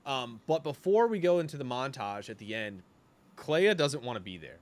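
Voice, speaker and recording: A man co-hosts a podcast, retelling scenes in casual chat that's animated, full of swearing and thick with fillers. His voice is medium-pitched at a normal pace.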